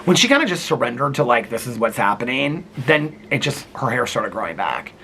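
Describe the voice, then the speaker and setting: A man vlogger sits in a chair at home, his camera resting on a table, and tells a personal story in a casual, rambling way packed with filler words. His medium-pitched voice is very animated, a little fast, pushed and bright, with a slight hiss or hum in the recording.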